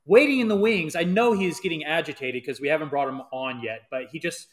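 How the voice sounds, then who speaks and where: A man's voice: fairly high pitch, a little fast. A man hosting a live podcast, chatty with frequent fillers. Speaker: podcast host.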